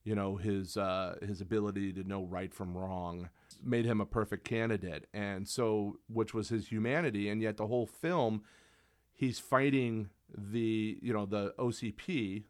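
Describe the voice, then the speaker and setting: Rambling enthusiastic man, low voice. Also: fairly even intonation, measured pace. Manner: rambling, enthusiastic, frequent restarts. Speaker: podcast co-host. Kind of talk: casual chat.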